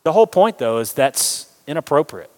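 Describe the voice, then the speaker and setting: A man preaching a sermon, animated and joking with the congregation. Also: a little high, moderate pace. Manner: animated, jokes with the congregation, acts out quoted voices. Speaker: pastor. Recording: long reverb of a large hall.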